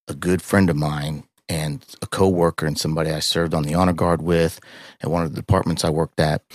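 Deep gravelly middle-aged man, halting and raw. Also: dry recording, clean studio sound. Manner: raw, halting, swears often, with many restarts and fillers. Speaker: podcast guest. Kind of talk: emotional personal storytelling.

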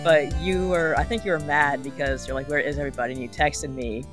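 A woman's voice: low voice, moderate pace, music in the background. A woman co-hosting a podcast, telling a personal story in casual chat with wry, joking asides. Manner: storytelling with wry humor and laughs. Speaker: podcast co-host.

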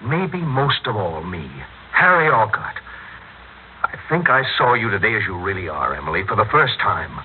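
A man's voice: lowish voice, very animated, moderate pace, slight background noise. An actor playing a weary middle-aged husband confronting his wife in an old radio drama, pleading and anguished. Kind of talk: 1950s radio acting. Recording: tinny old radio recording.

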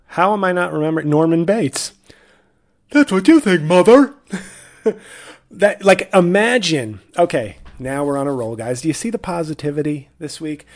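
A man's voice: mid-range voice, gravelly. A man hosting a podcast in a casual, rambling comedic monologue that often breaks off and restarts. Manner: rambling, self-interrupting. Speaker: podcast host.

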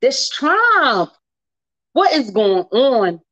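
A woman's voice: a little high, very animated, extremely slow, a bit bright, no echo. A woman hosting a radio talk show, speaking in a chatty, emphatic way. She repeats phrases for effect and often laughs as she talks. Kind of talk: casual talk radio monologue. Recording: dull, dry radio audio.

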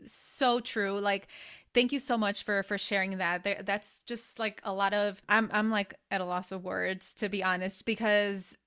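A woman's voice: medium pitch, fairly even intonation, a little slow, clear, resonant tone. Reflective young woman podcast host. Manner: reflective, warm, hesitant restarts. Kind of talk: casual interview talk.

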